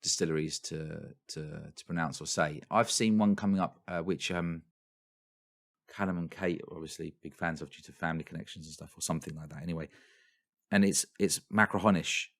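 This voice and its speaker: Deep-voiced man, rambling podcast chat. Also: steady tone, fairly quick, a bit bright. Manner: rambling, laughs often, many restarts. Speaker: podcast co-host. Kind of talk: casual chat.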